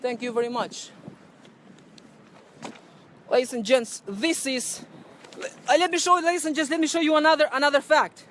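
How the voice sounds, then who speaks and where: A man livestreaming to his camera on a city street, ranting loudly and accusingly in non-native English phrasing. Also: very high-pitched, moderate pace, pauses often, slight background noise. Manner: loud, accusatory, repetitive ranting. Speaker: activist street vlogger confronting staff. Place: outdoors on a city street by a building entrance. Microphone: handheld camera or phone he speaks into.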